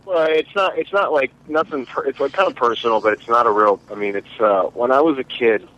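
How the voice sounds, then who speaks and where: A man from Ohio recalling a story as a radio show co-host in casual chat, halting and rambling with many restarts. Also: medium pitch, fairly bright tone, muffled recording. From Ohio, USA.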